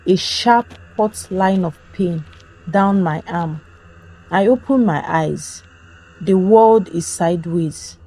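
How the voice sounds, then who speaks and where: A woman's voice: on the low side, dark tone. A woman narrating a first-person horror story in short, dramatic, tense sentences.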